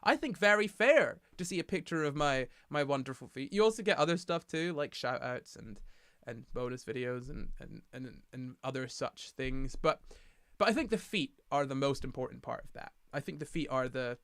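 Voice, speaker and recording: A man's voice: mid-range voice, lively intonation, moderate pace, fairly bright tone, no room sound, clean studio sound. A tired young man from the United Kingdom, rambling and self-mocking as he hosts a casual livestream and reads the chat aloud. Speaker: livestream host.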